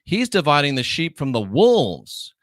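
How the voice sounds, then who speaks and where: A man rants loudly into the mic with a bright, forceful voice, pitched a little high for a man. He jeers with heavy profanity, then drops to low mutters. The sound is close and dry. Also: huge pitch swings, measured pace, no room sound. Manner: loud, profane, mocking, swings from shouting to low muttering. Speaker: commentary host. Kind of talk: ranting reaction commentary.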